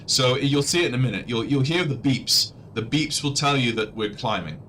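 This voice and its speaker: A man with a bright, forward voice talks casually through a livestream. He rambles in a chatty way and keeps restarting his sentences as he explains what he is doing. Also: mid-range voice, moderate pace, a little hiss or hum. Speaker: livestreamer and audiobook narrator. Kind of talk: casual livestream commentary while playing a flight sim.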